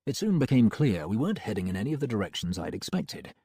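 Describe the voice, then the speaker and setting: A man narrating an audiobook in the first person, wry and expressive, on a close studio mic. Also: lowish voice, fast, husky, no echo. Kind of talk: scripted narration.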